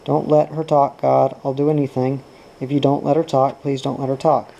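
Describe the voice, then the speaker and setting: A man's voice: medium pitch, little pitch movement, normal speed, creaky, warm tone, muffled recording, close to an everyday voice. A man reading as a frightened guilty boy. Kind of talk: audiobook reading.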